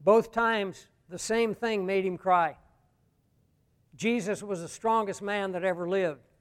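High-voiced man preaching in a reverberant hall. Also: steady tone, slow. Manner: preaching, swings between hushed and loud emphatic lines. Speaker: pastor. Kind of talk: sermon.

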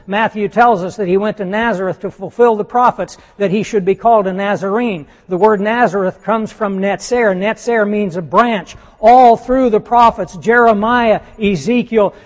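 Brief: male preacher, high voice, emphatic sermon delivery with rhetorical questions, long hall reverb.

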